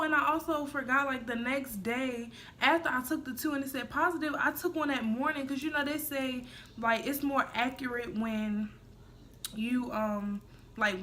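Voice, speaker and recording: Her voice is fairly high, bright and forceful, with a little hiss or hum in the recording. A young woman from the United States, she rambles chattily through a storytime vlog on her phone, using lots of fillers and addressing viewers directly.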